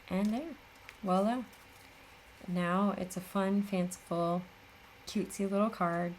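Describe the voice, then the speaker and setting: A woman's voice: fairly low pitch, slight background noise. A middle-aged woman hosting a casual crafting tutorial, chatty and full of self-deprecating asides. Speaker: craft channel host.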